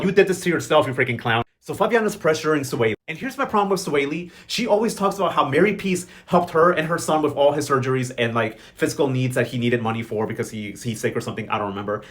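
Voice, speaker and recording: A man's voice: a little high, a bit bright. A man recapping a soap opera in casual, sassy commentary, full of slang and mocking impressions of the characters. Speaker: host.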